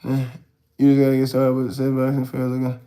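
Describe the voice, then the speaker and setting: A man's voice: mid-range voice, completely flat delivery, fast talker, dark tone, roomy sound. A man in his forties, hosting his own show, talking casually to the camera with frequent laughs and a lot of "you know what I'm saying". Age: 40s. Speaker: host.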